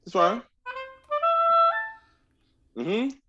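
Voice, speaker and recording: A man's voice: high voice, sing-song, drawn-out words, a bit bright, muffled recording, faint music behind. A man coaching a student in a masterclass, singing phrases to demonstrate, exacting and encouraging. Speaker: oboe teacher.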